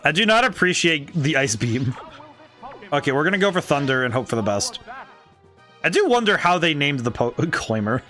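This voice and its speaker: Male streamer, higher voice, animated and rambling. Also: normal speed, soft background music. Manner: rambling, excitable, frequent laughs and restarts. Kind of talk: casual gameplay commentary.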